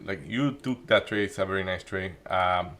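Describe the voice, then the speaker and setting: A man doing live trading commentary, thinking aloud with many restarts and halting phrases. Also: low voice, a bit bright. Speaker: day trading streamer.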